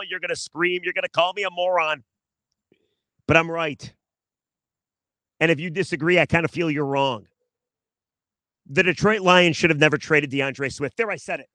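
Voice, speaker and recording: A man hosts a sports talk show in a sarcastic monologue, mocking himself and speaking right to his listeners. His voice sits a little high for a man. The sound is dry and close, with little room around it. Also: sharp tone, dry recording. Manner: sarcastic, self-mocking, talks straight to listeners. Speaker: sports radio host. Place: outdoors in his backyard.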